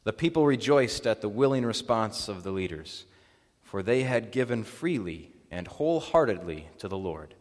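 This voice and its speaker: A man serving as pastor, leading a baptism liturgy, prayers and a scripture reading in a solemn, measured way inside a church. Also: on the low side, animated, darkish tone. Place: church sanctuary. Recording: long reverb of a church hall.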